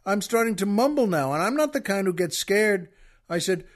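A man hosting a show, telling a comic story in an animated way, stammering as he acts out the outbursts. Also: high voice, normal speed. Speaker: podcast host.

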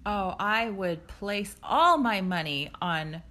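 Bright-voiced woman teasing her co-host. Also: mid-range voice, expressive. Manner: teasing, quick to laugh, swears. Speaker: podcast co-host. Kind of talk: casual reality-TV recap chat.

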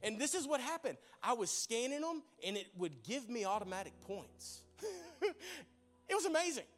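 A man's voice: very high voice, moderate pace, soft background music. A young man preaching in church, telling funny stories about his childhood and calling out to the congregation, laughing often. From Arkansas. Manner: lively, humorous, laughs often, addresses congregation directly. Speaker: pastor. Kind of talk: sermon with storytelling.

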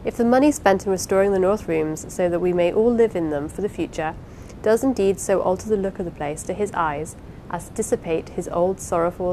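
A woman reading the part of a gentle blind husband in an audiobook, measured and tender. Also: fairly low pitch, slight background noise, lightly acted, poor audio.

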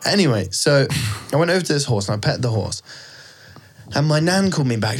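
A man's voice: on the high side, animated, fairly quick, breathy edge. A man chatting on a podcast, telling a funny story in a playful, giggly way. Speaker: podcast co-host.

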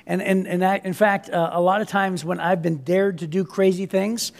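A man delivers an energetic, conversational sermon with a high-pitched and gravelly voice. He keeps checking in with his listeners as he goes. The sound carries a long hall reverb. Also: moderate pace. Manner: energetic, conversational, with frequent "right?" asides. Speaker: pastor.

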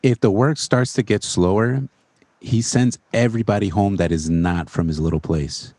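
Laid-back low-voiced man. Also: fairly even intonation, normal speed, a little mellow, no echo. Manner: laid-back, says "dude" a lot. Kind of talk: casual chat.

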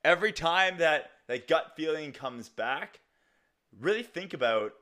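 A man's voice: a little high, animated, unhurried, pushed and bright. A young man hosting a casual solo podcast, rambling loosely with lots of fillers and restarts and some casual swearing. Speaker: podcast host.

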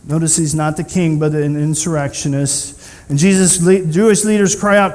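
A man delivers a sermon from the front of a church, telling the story with animated energy. He slips into the voices of the people he quotes. His fairly high voice rings out through a hall with a long reverb. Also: normal speed. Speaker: pastor.

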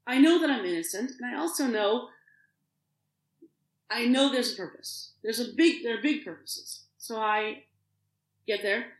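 A middle-aged woman, a podcast guest, telling an emotional personal story in an animated way, acting out the voices of others and often restarting her sentences. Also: mid-range voice, normal speed, roomy sound, low-quality recording.

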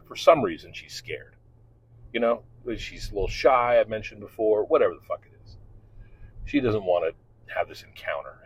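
A middle-aged man, a podcast host and father, tells a rambling, profane story in a casual, candid monologue. His voice is deep and husky, and the recording sounds dull and lo-fi.

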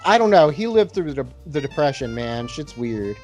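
A man with a slightly high voice talks through a film on a casual podcast. He rambles in relaxed, filler-heavy sentences, with faint guitar music behind him. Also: normal speed.

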